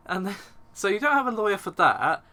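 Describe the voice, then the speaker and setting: A man's voice: high-pitched, very animated, normal speed, pushed and bright. A man hosting a casual tech podcast, wry and often laughing as he tells a story. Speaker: podcast host.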